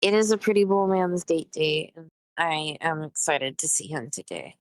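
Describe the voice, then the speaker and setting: A woman's voice: low-pitched, normal speed, dry recording, rough recording. A young adult woman who has just woken up, chatting affectionately and sleepily with friends on a stream. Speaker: guest friend on call. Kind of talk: casual chat.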